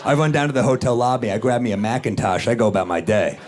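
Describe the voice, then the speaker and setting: A man doing stand-up comedy on stage, telling a story with a wry, self-deprecating delivery and quick jumps into acted-out voices. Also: mid-range voice, a crowd in the background. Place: comedy stage before a live audience. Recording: clear audience noise. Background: audience laughter.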